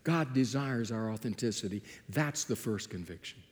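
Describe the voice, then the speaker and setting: A man preaching a sermon, telling Bible stories with lively acted-out dialogue. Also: medium pitch, normal speed, long reverb tail. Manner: animated storytelling, acting out biblical dialogue. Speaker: pastor.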